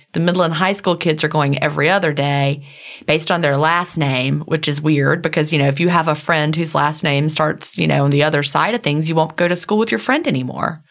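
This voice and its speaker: Middle-aged woman co-host, low gravelly voice, earnest and rambling. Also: a bit bright. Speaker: podcast co-host. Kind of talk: casual podcast chat.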